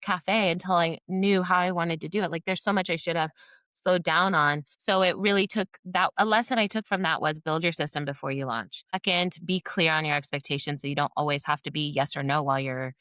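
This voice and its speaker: Bright, animated woman telling classroom stories. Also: low voice, brisk, clean tone, no echo. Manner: animated storyteller who acts out quoted voices. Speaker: podcast guest, former teacher and behavior specialist. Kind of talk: conversational storytelling in a podcast interview.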